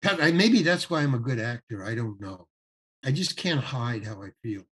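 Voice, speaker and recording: A man's voice: medium pitch, husky. An older man, a guest actor, telling a story in a podcast interview, acting out the people he quotes and stumbling over restarts. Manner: animated anecdote with acted-out quotes, halting restarts.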